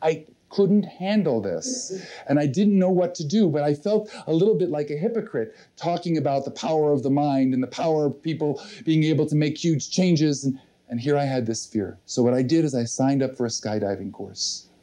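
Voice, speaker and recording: A man's voice: on the high side, normal speed, warm tone. A man leading a motivational seminar, telling a personal story in an earnest way and speaking directly to a live audience. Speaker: seminar leader.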